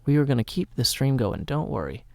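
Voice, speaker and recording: A man talks through his Minecraft game in a casual, wordy way, full of playful theatrical tangents. His pitch swings widely as he goes. The sound is dry and close, with no room echo. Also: sing-song, fairly quick, gravelly, warm tone. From Tennessee, USA. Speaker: Minecraft YouTuber. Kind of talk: casual gameplay commentary.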